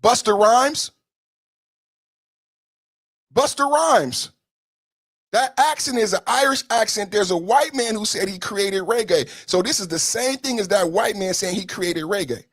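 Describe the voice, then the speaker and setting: A man's voice: high voice, normal speed, hardly any pauses, dry recording, studio quality. A man hosting a solo podcast, ranting in a heated, emphatic way with frequent profanity. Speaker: podcast host.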